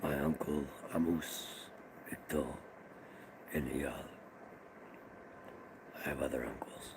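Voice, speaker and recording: Very deep-voiced man, gravelly, profane animated storyteller, livestream host. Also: slow, very noisy. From Israel. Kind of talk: casual storytelling.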